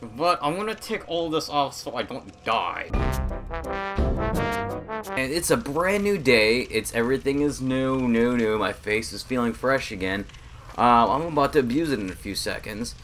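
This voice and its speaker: A man giving jokey, self-mocking let's-play commentary, yelping and shouting at the game as he plays into a desk mic. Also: mid-range voice, moderate pace. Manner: excitable, yelps and shouts at the game. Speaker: gamer streaming a challenge video. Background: game music.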